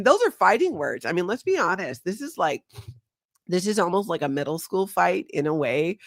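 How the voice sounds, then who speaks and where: A woman's voice: sits low, dry recording, clean studio sound. Chatty woman hosting a livestream. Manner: chatty, animated storytelling. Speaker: host. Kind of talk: livestream commentary.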